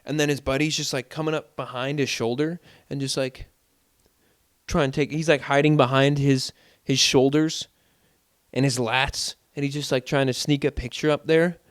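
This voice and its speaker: A man's voice: mid-range voice, steady tone, normal speed, no echo, studio quality. A man from South Dakota telling rambling everyday stories at home as a solo podcast host, full of fillers like "like" and "dude". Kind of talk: casual storytelling monologue. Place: room at home.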